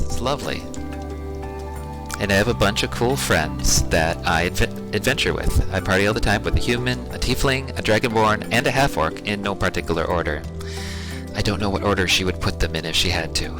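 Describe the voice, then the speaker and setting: A man voicing a cheerful young elf druid woman in his own soft, quiet voice, with music playing behind him. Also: low-pitched, close to an everyday voice. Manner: soft, quiet reading of game dialogue.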